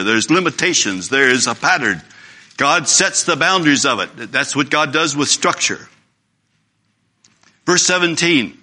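A man's voice: mid-range voice, sharp tone. A man preaching a sermon in an earnest, emphatic way, reading scripture aloud.

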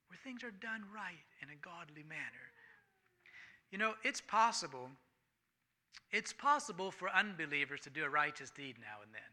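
A man preaching a sermon, swinging between loud emphatic lines and hushed near-whispers, and reading scripture aloud with rising fervor. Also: fairly high pitch, sing-song, moderate pace. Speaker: pastor.

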